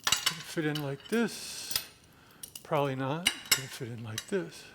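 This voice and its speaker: A man's voice: a little high, expressive, a little slow, heavy background noise. A man giving a hands-on repair demonstration in his home gym, chatting and talking to himself as he works. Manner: chatty, talks to himself while working. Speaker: DIY video maker.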